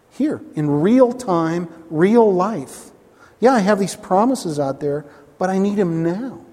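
Guy preaching a sermon, kinda high voice, lots of "right?" asides, long hall echo behind him. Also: darkish tone. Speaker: pastor.

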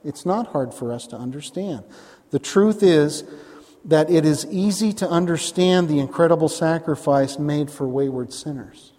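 A man's voice: a little high, normal speed, warm tone, in a large hall. A man preaching a sermon as pastor, emphatic and repetitive, rising into bursts of emphasis.

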